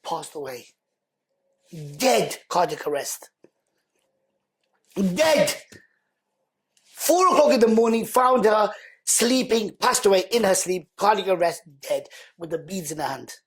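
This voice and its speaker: Husky man telling his story. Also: high-pitched, slow, long pauses. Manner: animated, slangy, repeats words for emphasis. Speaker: podcast guest. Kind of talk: emotional personal storytelling.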